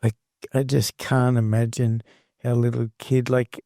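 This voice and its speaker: A man hosting a podcast interview, gentle and sympathetic. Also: mid-range voice, level tone, measured pace, no room sound, studio quality. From Australia. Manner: gentle, sympathetic, soft-spoken. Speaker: podcast host.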